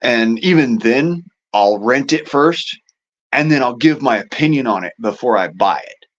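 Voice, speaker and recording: A man's voice: mid-range voice, animated, unhurried, dull audio. A man ranting casually and profanely to his audience, exasperated and often laughing at himself. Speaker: show host.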